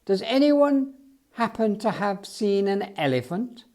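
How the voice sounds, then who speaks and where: A man voicing a loud male circus owner who calls out like a showman. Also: high voice, very animated, a little slow, voice pushed up. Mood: booming.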